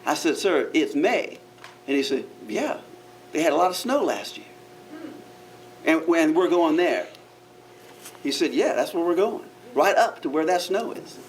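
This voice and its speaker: A man spins a living-history tale for a crowd indoors, his pitch swooping widely from line to line. He is playful and theatrical, chuckling often and turning to the audience with asides. A faint hiss sits under the voice. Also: sing-song, normal speed, pauses often. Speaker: park ranger giving a living-history talk. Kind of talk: first-person character storytelling to a live audience.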